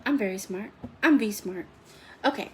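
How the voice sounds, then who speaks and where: A woman's voice: mid-range voice, moderate pace, slight background noise. A woman hosting a chatty live cooking stream from her home kitchen, rambling and talking to viewers by name. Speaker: home cooking livestream host.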